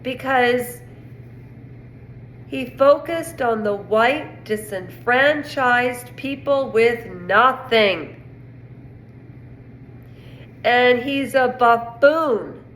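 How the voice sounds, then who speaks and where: A woman's voice: a little high, drawn-out words, pauses often, fairly bright tone. A woman from Canada giving a rambling, indignant casual opinion monologue on pop culture. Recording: echoey room with faint noise.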